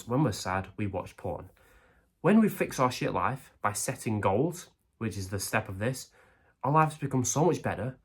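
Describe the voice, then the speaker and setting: A man's voice: lowish voice, husky. A young man giving crude, direct self-improvement advice to camera, firing rhetorical questions and tacking on "right?" and "okay?". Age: young adult. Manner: acts out the brain's voice in quoted asides.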